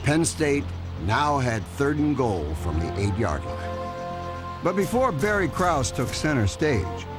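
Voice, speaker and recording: Male documentary narrator, expressive melodic delivery, scripted and dramatic, over music. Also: medium pitch. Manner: dramatic, measured storytelling.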